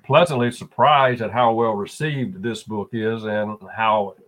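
A man guest and co-author recounting events in a measured, halting way. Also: fairly low pitch, fairly even intonation, fairly bright tone. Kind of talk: interview storytelling.

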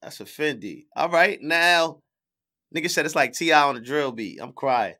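A man with a bright, forceful, fairly high voice co-hosts a casual live stream. He reads the chat aloud, hands out scores, and stays animated and quick to laugh. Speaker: co-host rating tracks.

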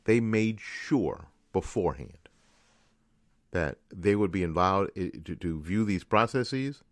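A man's voice: sits low, expressive, slow, dry recording, studio quality. A man hosting a political commentary show, ranting in an angry, frustrated monologue with lots of repetition. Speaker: radio host.

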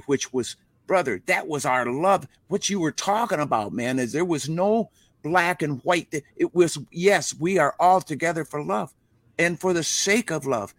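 A man's voice: a little high, fairly bright tone, no echo. Older man preaching with folksy fervor. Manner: preachy, impassioned, folksy grammar. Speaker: interview guest, rock musician. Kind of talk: casual interview over a live stream.

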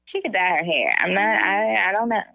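A woman's voice: mid-range voice, lively intonation, a little fast, vocal fry, dry recording. A woman co-hosting a casual chat with a friend over the phone, speaking bluntly and laughing easily. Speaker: podcast co-host. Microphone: phone call. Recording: muffled phone line.

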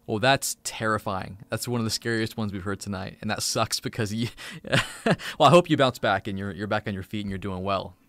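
A male host of a live stream, laid-back and quick to react with exclamations as he chats with callers. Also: on the low side, a bit bright, no room sound. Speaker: show host.

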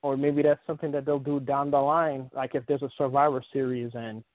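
A podcast host rambles through a casual sports talk show, full of fillers and restarts. His voice is medium-pitched and level, moving a little fast. It comes over a tinny, dry phone line with no echo.

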